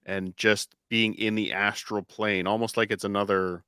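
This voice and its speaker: A man hosting a casual podcast, asking questions with halting, stammering restarts. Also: lowish voice, little pitch movement, pushed and bright, clear, resonant tone, dry recording, clean studio sound. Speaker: host.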